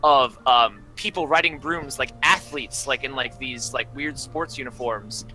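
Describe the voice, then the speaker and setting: A man's voice: mid-range voice, measured pace, pushed and bright, soft background music, rough recording. A young man narrating as game master, rambling through descriptions with many fillers.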